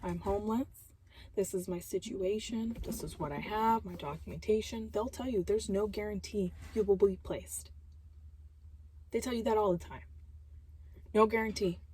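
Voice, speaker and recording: A woman with children telling a personal story in casual vlog style, animated, with loud laughing outbursts and hushed asides. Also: medium pitch, moderate pace, husky, poor audio. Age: adult with children. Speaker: vlogger.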